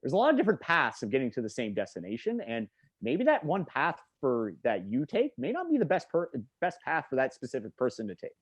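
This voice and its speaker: A male podcast host talks casually and jokes around, with plenty of fillers. His voice is mid-pitched, and it sounds dry and close to the mic. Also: wildly swooping pitch, a little fast, husky, no echo. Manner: joking, rambling with many fillers.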